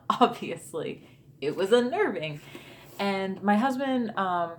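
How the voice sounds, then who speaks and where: A woman in her thirties, medium-pitched, animated and slow, tells a true ghost story to camera. The YouTuber's storytime vlog is chatty, packed with fillers and asides.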